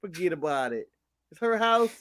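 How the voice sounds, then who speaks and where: Gruff New York crowd fan, put on by a man; slow, dismissive drawl. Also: high-pitched, big pitch swings, a bit bright.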